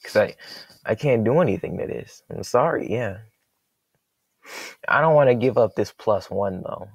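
Gravelly young man excitedly commentating a game. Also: on the low side, normal speed, no echo, dull audio. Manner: excitable, jokey, thinks aloud. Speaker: gaming commentator.

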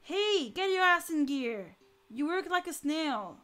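Woman doing a gruff, cursing rocket captain. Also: high-pitched, animated, takes it slowly, sharp tone, heavily acted. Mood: angry shouting. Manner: barking, cursing, bossy. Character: gruff middle-aged male rocket captain, short-tempered.

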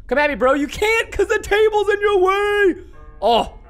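A young man doing horror game commentary, excitable and panicky, often yelping and shouting and taunting the game. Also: very high-pitched, normal speed, soft background music. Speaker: gaming YouTuber.

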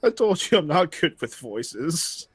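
A man's voice: on the high side, big pitch swings, a little slow, breathy edge, dry recording. Hesitant man full of fillers. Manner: hesitant, filler-heavy, laughing. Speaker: co-player. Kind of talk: casual gaming chat.

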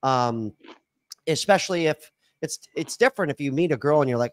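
Guy hosting a podcast, kinda high voice, rambles w lots of ums, dry close sound. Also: expressive, fairly quick, no room sound. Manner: rambling, full of fillers and restarts. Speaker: podcast host. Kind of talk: casual chat.

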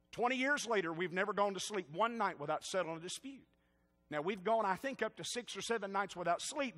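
A man's voice: high-pitched, fairly bright tone, in a large hall. A middle-aged man with a Southern US accent, a pastor preaching a sermon with rising, stirred-up emphasis and jokes for the congregation. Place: church sanctuary.

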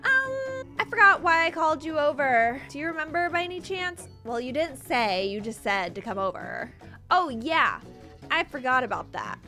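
A young woman giving chatty, giggly gameplay commentary with loud reactions. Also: high voice, sing-song, normal speed, soft background music. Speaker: gaming video host.

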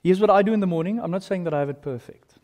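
A man in his thirties with a South African accent, preaching a sermon as pastor, telling stories animatedly and swinging between loud and hushed. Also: sits high, very fast. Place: large church hall. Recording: long reverb in a church hall.

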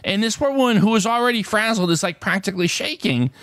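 Middle-aged male host, chatty storyteller, high lively voice, dry close sound. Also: quick pace, no room sound. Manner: animated, chatty, with fillers and restarts. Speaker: retro game collecting host. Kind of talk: casual storytelling to camera.

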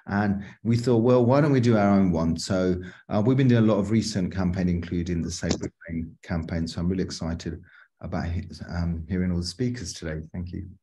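A man giving brief opening remarks on a video call, pausing often with fillers. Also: low voice, warm tone. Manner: hesitant, with fillers.

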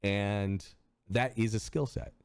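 A male streamer in casual chat, animated, swearing freely and often restarting his sentences. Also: lowish voice, slow, creaky, clear, resonant tone.

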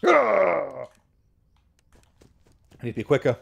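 A young man commentating on a horror game, excitable and chatty, muttering repeated counts under his breath between bursts of excitement. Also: medium pitch, brisk, muffled recording. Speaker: gameplay commentator.

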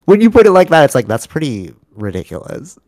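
A man's voice: mid-range voice, huge pitch swings, fairly quick, a little mellow, no room sound, studio quality. A sleep-deprived young man co-hosting a podcast, rambling in casual slang and calling his friend bro. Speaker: podcast co-host. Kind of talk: casual chat. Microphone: studio microphone.

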